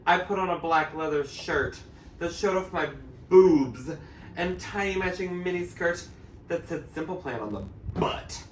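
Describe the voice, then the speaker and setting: A man's voice: a little high, unhurried, a little hiss or hum. A man, a drag performer, giving a campy, comic dramatic reading of a fanfic and breaking into laughter. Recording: echoey room, mic at a distance, faint music.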